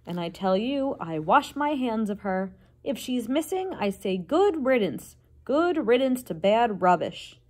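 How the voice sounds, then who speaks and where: A woman voicing a tall, sharp-tongued castle keyholder in a storybook read-aloud, with a scolding manner. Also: mid-range voice, a little slow, close to an everyday voice. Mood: scornful.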